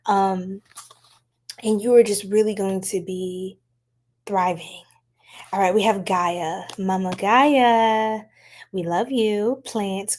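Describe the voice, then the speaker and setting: A young woman with a mid-range, darkish voice hosts a casual tarot-reading livestream. Chatty and quick to laugh, she speaks directly to her chat as the tarot reader.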